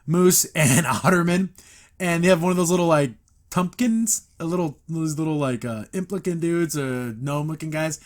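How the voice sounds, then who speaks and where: A man hosting a podcast, recapping a cartoon episode in casual, animated commentary and acting out the characters' lines. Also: on the high side. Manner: animated, recaps scenes and acts out quotes.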